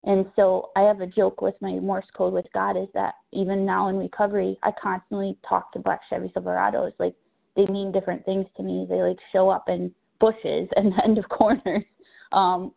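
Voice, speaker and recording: A woman talks openly at a recovery meeting, pausing often to find her words. Her voice has a gravelly fry. It comes through a narrow, tinny phone line. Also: medium pitch, flat delivery. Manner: halting, searching for words, candid. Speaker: recovery meeting member sharing. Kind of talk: personal share on a phone meeting.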